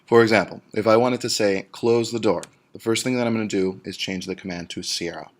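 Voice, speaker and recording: A deep-voiced male teacher talks through a grammar lesson in a steady, patient way. He works through each example step by step and draws out the key words slowly so students can follow. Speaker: Spanish teacher.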